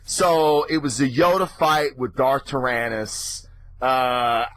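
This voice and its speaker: Profane excitable man ranting. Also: dry recording. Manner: profane, excitable, mimics reactions in a high voice. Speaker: podcast host. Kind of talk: casual ranting monologue.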